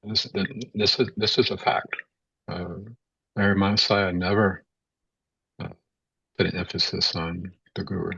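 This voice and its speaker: Low gravelly man, halting spiritual talk. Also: steady tone, sharp tone, no room sound. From United States. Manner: halting, many repeated words and fillers. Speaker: spiritual teacher. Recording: dull, dry, lo-fi sound.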